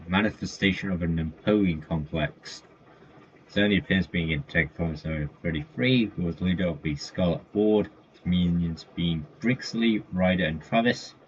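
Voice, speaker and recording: A man in casual commentary running through a list of comic villains, rambling with fillers and self-corrections. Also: deep voice. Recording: dull lo-fi mic with faint noise.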